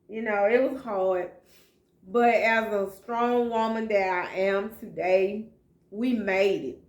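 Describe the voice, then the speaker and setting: A woman's voice: mid-range voice, echoey room. A woman telling her own life story as a single mother, speaking in a heartfelt, emotional way with speech. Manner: heartfelt, emotional, slow and plain-spoken. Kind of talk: personal storytelling vlog.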